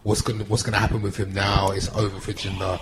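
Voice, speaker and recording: A man co-hosting a casual wrestling podcast, easygoing and trailing off low. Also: little pitch movement, fast talker, noisy background.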